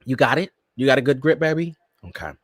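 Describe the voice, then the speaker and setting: A sassy, campy man hosting a pop-culture chat show, his voice swooping high and low as he teases his listeners. He sits close to the mic in a dry, dead room. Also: fast, dry recording. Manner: sassy, campy, animated, addresses listeners as "girl" and "Miss Thing". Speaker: podcast host. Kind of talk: casual pop-culture commentary.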